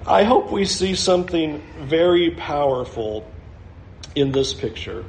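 A man preaching in a roomy church with a strong echo. His voice sits high for a man, and he stays animated throughout, laughing as he plays out each figure in the story. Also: vocal fry, slight background noise. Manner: animated, laughs often, acts out voices in the Bible text. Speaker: pastor. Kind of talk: sermon.

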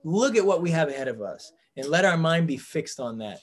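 A man's voice: a little high, animated, a little fast. A man leading a Bible study group, teaching in an earnest way and thinking aloud with fillers and restarts.

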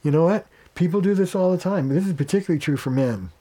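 A man's voice: a little high, quick pace, dark tone. A man who works as a family therapist, speaking as a guest in a conversational interview, plain-spoken and acting out bits of dialogue as he explains. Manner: plain-spoken, acts out dialogue in quoted voices.

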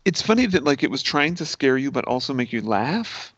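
A man's voice: medium pitch, sing-song, a little fast, fairly bright tone, slightly rough, no echo, highs cut off. A man co-hosting a podcast in casual chat, joking and laughing often. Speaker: podcast co-host.

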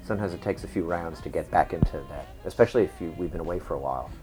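A middle-aged man, a podcast guest, telling stories in a relaxed way with trailing restarts. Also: deep voice, racing, music in the background. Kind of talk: podcast interview.

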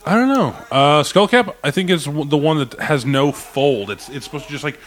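A man's voice: a little high, expressive, normal speed. A man co-hosting a casual movie podcast, hesitant and full of fillers. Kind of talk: casual movie-commentary chat.

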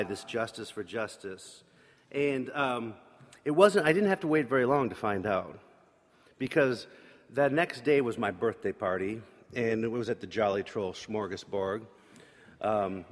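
A man telling a candid personal story during an evening service, confessional and plain-spoken with casual fillers. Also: medium pitch. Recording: long hall reverb.

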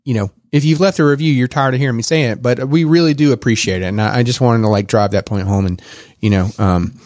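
Man, casual podcast host, mid-pitched, rambling and filler-heavy, dry close sound. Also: fast, darkish tone, no echo. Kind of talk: casual chat.

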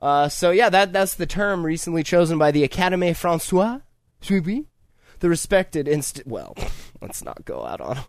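Recorded dry at studio quality, this man speaks at a moderate pace with a voice on the high side. He hosts a podcast full of crude, animated banter, swearing and frequently putting on mock voices.

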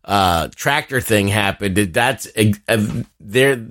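A man in casual podcast chat, explaining things hesitantly with halting restarts. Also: on the low side, fairly bright tone, no room sound.

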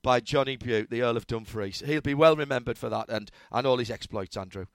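A man's voice: mid-range voice, brisk, dry recording. A man hosting a motorsport radio show, telling stories in a rambling, chatty way with many restarts. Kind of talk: casual chat.

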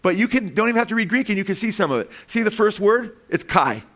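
A man preaching a sermon to his congregation, pausing to ask questions and walk them through slides word by word, with frequent "okay" and "right". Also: sits high, animated, fairly bright tone. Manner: emphatic, asks the congregation questions. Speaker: pastor.

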